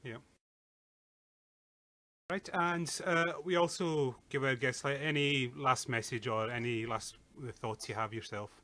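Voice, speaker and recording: Man, podcast host, casual, halting, filler words. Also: mid-range voice, sharp tone. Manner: informal, a little halting, with fillers. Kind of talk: casual show hosting.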